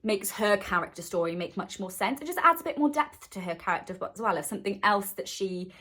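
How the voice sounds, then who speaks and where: A woman's voice: mid-range voice, lively intonation, a little fast, sharp tone. A woman hosting a podcast, chatting enthusiastically and acting out quotes as she recaps a story. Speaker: podcast host. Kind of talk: casual recap chat.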